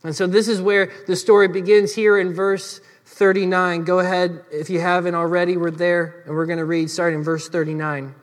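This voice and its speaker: A male pastor delivers a sermon, earnest and explanatory as he speaks straight to the congregation. His voice sits high for a man. It rings out with a long hall reverb. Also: flat delivery, a little fast, hardly any pauses.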